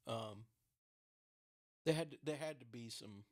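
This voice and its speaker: A man in casual solo commentary on a true-crime case, at a middling pitch for a man. He rambles, restarts his sentences and leans on filler words. He breaks into laughter often and swears bluntly. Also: unhurried, darkish tone.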